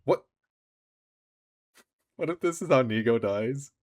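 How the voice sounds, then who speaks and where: A man streaming a visual novel, reading every character's lines aloud and breaking off into excited asides. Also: mid-range voice, takes it slowly. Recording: faint music behind.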